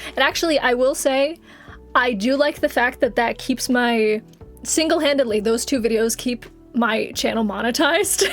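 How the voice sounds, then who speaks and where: A young woman streamer chatting casually on a live stream, giggling often and swearing offhandedly, with music faintly behind. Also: a little high. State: has covid.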